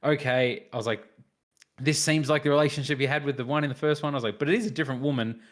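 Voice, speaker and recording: A man's voice: medium pitch, steady tone, rapid-fire. A man co-hosting a film review podcast, chatting casually and acting out his own reactions as he tells the story. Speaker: podcast co-host reviewing films. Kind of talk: casual chat.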